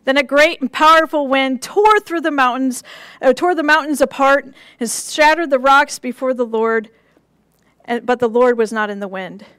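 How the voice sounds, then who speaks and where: High-voiced woman preaching a sermon. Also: smooth, no room sound. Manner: gentle, measured preaching with soft dips for emphasis; repetitive, rhythmic phrasing. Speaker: pastor.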